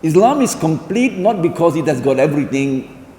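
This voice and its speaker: A man giving a formal public lecture in a hall, speaking in a measured, deliberate way with formal phrasing. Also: on the high side, big pitch swings, warm tone. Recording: echoey hall with faint ambience.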